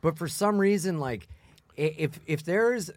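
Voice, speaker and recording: A man's voice: fairly high pitch, animated, measured pace, dry recording. A male comedian guest chatting casually on a podcast. He rambles and runs himself down, filling his talk with "like". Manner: rambling, self-deprecating, full of "like".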